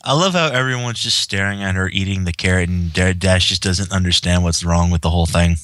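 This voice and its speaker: A deep-voiced man with a bright, forward tone chatting easily on a podcast, pointing out details. The sound is dry and close. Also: fairly quick, no room sound. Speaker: podcast co-host. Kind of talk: casual chat.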